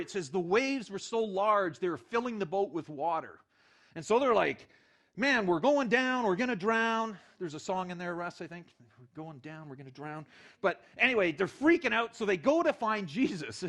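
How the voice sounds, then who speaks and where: Middle-aged guy preaching, high voice, really animated, jumps all over in pitch telling the story. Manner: animated storytelling with acted-out quotes. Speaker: pastor. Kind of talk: sermon.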